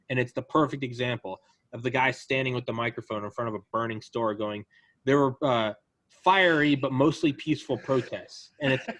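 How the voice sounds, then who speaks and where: A man talking politics on a podcast in a lively, profane way, often slipping into other people's voices to act them out. His voice sits in a middle register. The recording is dry and close, with no room sound. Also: mid-range voice, dry recording. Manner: animated, profane, acts out quoted people. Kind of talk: casual political chat.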